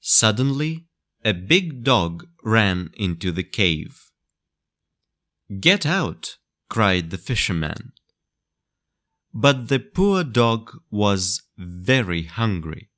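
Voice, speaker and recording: A man narrating a storybook for English learners in a deliberate, clearly spaced way. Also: fairly low pitch, expressive, fairly bright tone.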